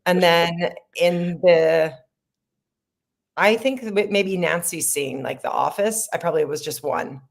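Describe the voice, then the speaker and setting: Chatty middle-aged woman host, low and husky, casual behind-the-scenes talk. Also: takes it slowly. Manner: chatty, rambling, laughs often. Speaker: sketch comedy creator and lead actor.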